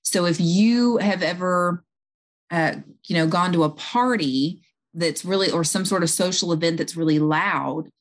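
A woman speaking as an interview guest, calmly explaining and talking through everyday examples. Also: lowish voice, unhurried. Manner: calm, explanatory, talks listeners through examples. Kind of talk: conversational advice.

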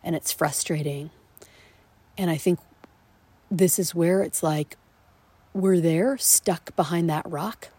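A woman in her late forties hosts a solo podcast from her backyard at night, speaking slowly with long pauses in a fairly low, dark, slightly rough voice and no room sound. She's reflective, often whispering and laughing.

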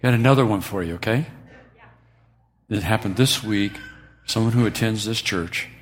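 Pastor, male, lower voice, enthusiastic and encouraging in sermon and prayer. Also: normal speed, a little hiss or hum. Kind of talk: sermon and church announcements.

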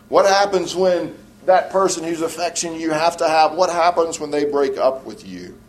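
A male pastor preaches a sermon, frequently restarting phrases and slowing down to stress key words. His sentence endings drop low and quiet.

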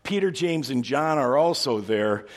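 A man preaching a sermon as a pastor, telling stories with lively energy and acting out the people he quotes. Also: mid-range voice, unhurried.

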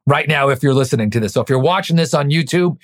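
Emphatic, energetic man coaching listeners. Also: a little high, fast. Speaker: podcast host and real estate coach. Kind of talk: direct-to-listener coaching talk.

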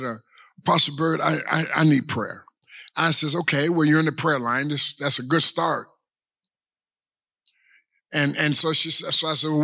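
A male pastor preaching a sermon with a gravelly, husky edge to his voice. His tone is bright and somewhat high for a man. He stretches out his phrases and keeps turning to the congregation with rhetorical questions. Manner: preaching with long drawn-out pauses and repeated rhetorical questions.

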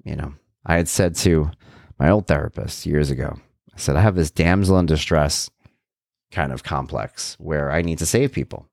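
A man's voice: extremely low pitch, moderate pace, creaky, darkish tone, no room sound, studio quality. A middle-aged man speaking earnestly and confidingly to viewers in a reflective personal monologue about his life. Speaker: vlogger sharing life advice.

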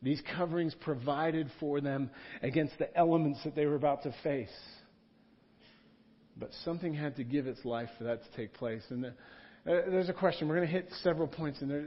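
A man, a pastor, preaching a sermon in a church room in a conversational style, repeating key words for emphasis. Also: mid-range voice. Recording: dull lo-fi sound.

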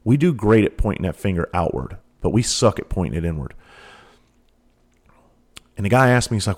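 A man's voice: on the low side, lively intonation, normal speed, long pauses, husky. A man speaking in a candid monologue, earnest and blunt, with casual cursing and repeated phrases. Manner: earnest, heartfelt storytelling. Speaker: trainer for first responders.

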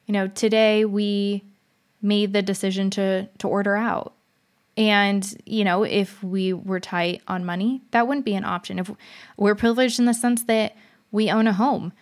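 A woman's voice: medium pitch, steady tone, a little slow. A young woman telling a personal story in a casual, frank monologue, chatty with many fillers and restarts. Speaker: vlogger.

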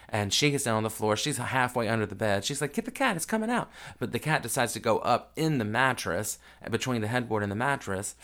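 With a lowish, slightly bright voice, a man hosting a podcast shares a family story. The casual monologue is raw and emotional, left unedited.

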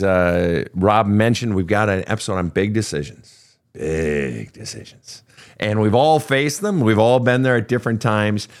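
Man, podcast host, counselor, conversational, repeats phrases, lowish voice. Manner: repetitive, emphatic, thinking aloud.

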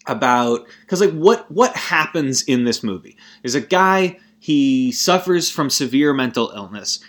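A man's voice: fairly high pitch, lively intonation, unhurried, a bit bright. A young man in a casual movie rant, rambling and profane, constantly cutting himself off mid-sentence. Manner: rambling and profane, frequent self-interruptions.

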